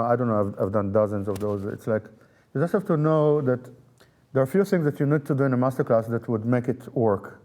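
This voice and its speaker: A man's voice: medium pitch, warm tone. A man, a festival artistic director and pianist, answering interview questions thoughtfully, with frequent fillers and repeated words.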